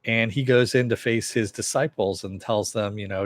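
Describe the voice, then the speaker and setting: A man's voice: fairly low pitch, fairly even intonation, moderate pace, no room sound. A man casually recapping and reviewing a TV episode, rambling with frequent "uh" and "you know" fillers.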